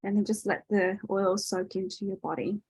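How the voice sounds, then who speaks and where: A woman's voice: mid-range voice, level tone, moderate pace, darkish tone, slight background noise, low-quality recording. A woman leading an online workshop over a video call, teaching in a casual, chatty way with lots of fillers and tag questions. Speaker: workshop host.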